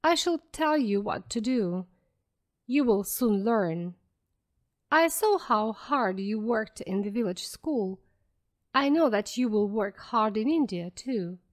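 A woman's voice: on the high side, lively intonation, slow pace. A woman reading the lines of a stern, cold young clergyman in a storybook, firm and commanding. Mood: cold, insistent.

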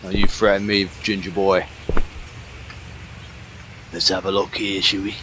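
A man's voice: sits low, little pitch movement, a little slow, background noise. A man giving comedic, swearing gameplay commentary in a cocky, mock-tough tone. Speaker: gaming commentator.

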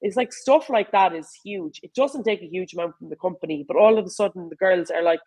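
A woman with an Irish accent chats in an easy, animated way as an interview guest. Her speech runs on with fillers and quick asides as she tells stories. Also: lowish voice, husky, rough recording. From Ireland. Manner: animated, chatty, lots of fillers. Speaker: rugby player and coach, guest. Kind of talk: casual conversational interview.

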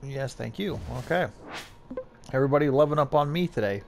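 A man's voice: mid-range voice, expressive, fairly quick, creaky, slight background noise. A man giving casual gameplay commentary as a YouTuber, hyped and joking at himself. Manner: hyped, self-mocking banter. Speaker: gaming YouTuber.

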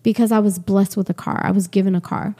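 A woman in her forties, a guest on an interview show, telling a personal story in an animated way and acting out what people said. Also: medium pitch, fast. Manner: animated, acts out quoted dialogue.

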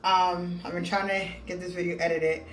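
A woman's voice: fairly low pitch, flat delivery, normal speed. Chatty middle-aged woman vlogging at home. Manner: rambling and chatty, calls viewers "people". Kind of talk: casual mukbang vlog chat. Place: room at home. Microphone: phone with small clip-on mic. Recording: echoey room, faint background hum.

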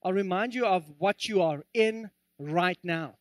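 A taunting devil, put on by a man mid-sermon, hurls accusations in a sneering, scornful manner. The voice sits close and dry, with a raised, bright edge. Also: high voice, unhurried, no echo.

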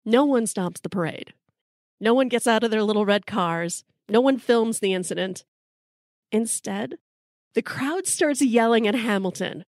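A middle-aged woman with a drawl spins a comic tale, dry and wry in her timing. Her voice sits a little high and is recorded close and dry, with almost no room sound. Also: expressive, measured pace, no echo. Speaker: podcast host. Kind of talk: storytelling.

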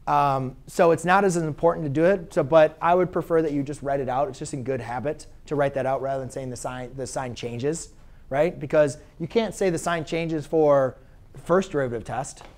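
Male math teacher, slightly higher voice, conversational classroom lecture, asks students questions, corrects himself. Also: normal speed, a little mellow.

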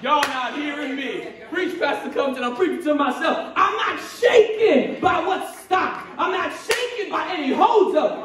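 High-voiced preacher shouting in an echoey church. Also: male voice, animated, unhurried, few pauses. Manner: fervent, rising to shouts, repeats phrases. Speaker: pastor. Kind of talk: sermon. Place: church sanctuary. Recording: echoey church hall from far off, congregation behind.

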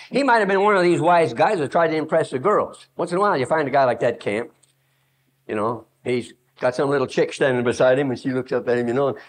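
A man preaching a sermon at a youth camp, emphatic and repetitive, telling stories to drive his point home. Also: mid-range voice.

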